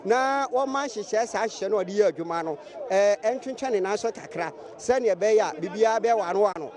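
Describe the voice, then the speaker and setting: A man's voice: high-pitched, animated, brisk, darkish tone. A Ghanaian man interviewed at a busy outdoor station, earnestly appealing to the government. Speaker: interviewee driver. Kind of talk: vox-pop street comment.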